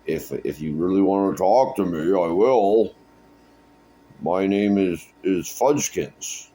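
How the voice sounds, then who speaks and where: A man's voice: low voice, slow pace, warm tone, slight background noise. A man voicing a shy male support-group member who hesitates before speaking. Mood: reluctant. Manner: reluctant, hesitant.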